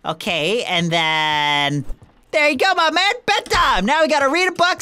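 A woman commentating her video game play, excitable and jumpy, talking back to the characters on screen. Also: sits high, measured pace, clean tone. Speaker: gaming channel host. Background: game music.

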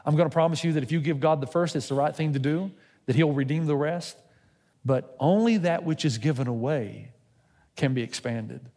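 A man's voice: on the high side, normal speed, mellow. Preaching man in a reverberant hall. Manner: storytelling preacher who acts out dialogue with God. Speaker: pastor. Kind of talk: sermon.

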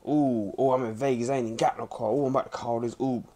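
Give this the feel of a hothead storming off in a huff, all theatrical groans and heavy sighs, griping to himself about buying bear spray. Keep the pitch in a plain middle range, with no big vocal shift from the everyday voice. A man plays it, mocking someone else. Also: steady tone, racing, mellow, lightly acted. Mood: mock fuming. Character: angry young man rushing off to buy bear spray.

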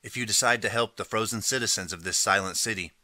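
A man reading an interactive audiobook in steady second person and calling out page choices. His voice sits low and comes across sharp and forceful. The recording is dry and close. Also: fast talker, dry recording. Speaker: audiobook narrator. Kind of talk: scripted second-person narration.

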